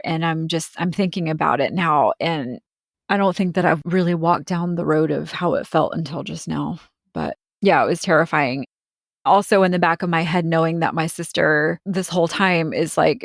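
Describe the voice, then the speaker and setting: A woman's voice: fairly low pitch, no echo, clean studio sound. A woman recounting a frightening personal experience in an interview, speaking earnestly and with emotion, often quoting what others said. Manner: earnest, emotional storytelling with quoted dialogue. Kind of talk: conversational personal account.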